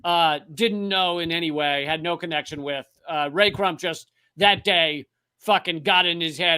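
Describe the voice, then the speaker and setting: Podcast host, male, high and bright voice, dry sarcastic delivery. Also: moderate pace, smooth. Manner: sarcastic, joking asides. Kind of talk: casual chat, retelling a true crime case.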